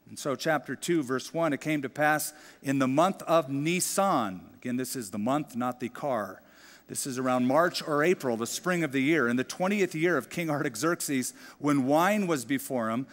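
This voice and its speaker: A middle-aged man preaches a Bible sermon, his voice sitting a little higher than most men's. His words ring out with the long reverb of a big sanctuary, and he brings the scripture to life by voicing each speaker. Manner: animated storyteller, acts out quoted dialogue. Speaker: pastor. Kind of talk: expository Bible teaching sermon.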